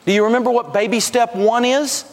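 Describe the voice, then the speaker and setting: A man's voice: extremely high pitch, fairly even intonation, brisk, noisy background. A man teaching a live personal finance seminar, telling funny stories and laughing through his jokes as he drives home his points. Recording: long hall reverb.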